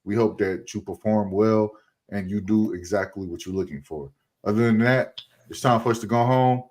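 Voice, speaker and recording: A man hosting a casual sports podcast, loud and teasing, laughing often as he talks. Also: fairly low pitch, normal speed. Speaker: podcast host.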